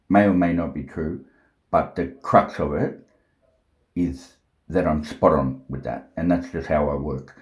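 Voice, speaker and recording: A man talking slowly to camera at home, thinking aloud with many fillers and restarts, blunt and sometimes profane. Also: sits low, darkish tone, roomy sound. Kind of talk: unscripted monologue to camera.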